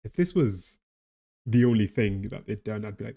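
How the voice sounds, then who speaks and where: Geordie guy streaming, low mellow voice, tired, rambly, keeps cracking up. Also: animated, moderate pace. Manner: laughing, rambling, talks to chat and a pet. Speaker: streamer discussing economics. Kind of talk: casual live-stream chat.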